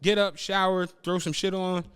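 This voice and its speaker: A man's voice: high-pitched, fairly even intonation, normal speed, a bit bright, clean tone. A young adult man hosting a podcast, telling a travel story in casual chat, acting out his friends' lines and swearing freely. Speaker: podcast host.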